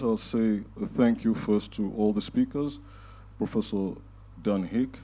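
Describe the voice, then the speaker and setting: Dark-voiced man hosting. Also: lowish voice. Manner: measured, with frequent filler pauses. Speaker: event host. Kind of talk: closing remarks at a panel event. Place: event hall before a live audience.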